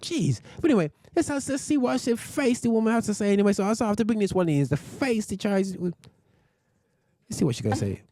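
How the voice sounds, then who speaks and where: British male host, dark dry voice, heated rant with restarts. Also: sing-song, quick pace, no echo. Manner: ranting, many restarts, sudden high exclamations. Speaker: radio show host. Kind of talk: heated commentary on a video.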